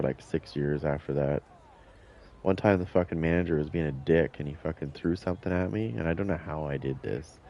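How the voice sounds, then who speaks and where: A man's voice: rumbling low, lo-fi sound. A man telling boastful, profane stories in a casual chat while streaming a game, acting out what people said. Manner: swears a lot, boastful, acts out quotes. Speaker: gaming streamer.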